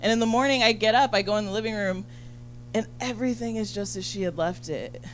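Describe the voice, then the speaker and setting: A woman doing stand-up into a handheld stage mic, talking fast and loose. She swears freely and fills her lines with "like". Her pitch sits in the middle, and a faint hiss runs under the recording. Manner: rapid, chatty, full of "like" and profanity. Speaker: stand-up comedian. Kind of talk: stand-up comedy set. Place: comedy venue.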